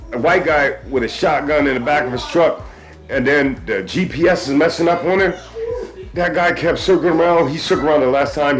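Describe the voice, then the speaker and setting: A man hosting a podcast, telling stories in casual chat with many restarts and stammers. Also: a little high. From US East Coast. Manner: animated storyteller, stammers and restarts. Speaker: podcast host.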